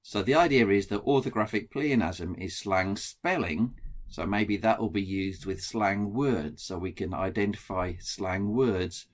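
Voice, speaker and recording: A man's voice: on the low side, a little slow. A middle-aged man with a Black Country accent, explaining his research in a plain lecture with frequent ums and restarts. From England. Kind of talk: recorded lecture.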